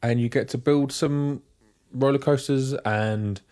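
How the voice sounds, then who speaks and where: A man's voice: mid-range voice, steady tone, a little slow, darkish tone. A man co-hosting a podcast in casual chat, chatty and teasing. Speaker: podcast co-host.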